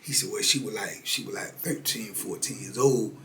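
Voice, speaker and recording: Animated older man telling a prison story. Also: fairly low pitch, moderate pace, a little hiss or hum. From United States. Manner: animated, acts out dialogue with street slang. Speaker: storyteller sharing prison experiences. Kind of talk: casual storytelling.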